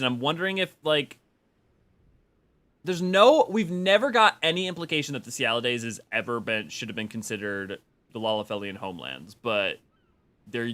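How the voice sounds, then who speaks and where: A man's voice: mid-range voice, pushed and bright. A man streaming a game, chatting with viewers in a rambling way with many restarts. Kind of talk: casual game stream commentary.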